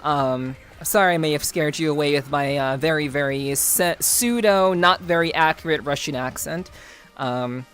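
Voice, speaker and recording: A woman's voice: low voice, moderate pace, fairly bright tone. A woman streamer chatting casually with her live chat, greeting viewers by name, laughing and repeating herself. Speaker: VTuber streamer.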